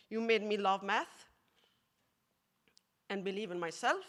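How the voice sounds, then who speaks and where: A woman from Egypt, a math teacher giving an emotional acceptance speech, laughing often and pausing with fillers. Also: mid-range voice, lively intonation, a bit bright.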